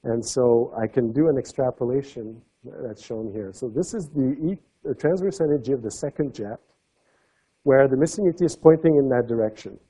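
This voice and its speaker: Dark, husky-voiced male lecturer. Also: medium pitch, moderate pace, low-quality recording. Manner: explanatory, trails off softly at phrase ends. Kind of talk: academic seminar talk.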